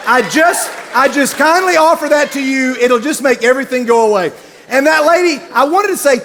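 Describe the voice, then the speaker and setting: A man from Middle Tennessee tells a funny story from the stage, voicing each person he meets along the way. His voice sits high for a man, and his delivery is lively and comic. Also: brisk. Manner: animated, comic storyteller who acts out characters. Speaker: speaker at a university gathering. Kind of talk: storytelling sermon.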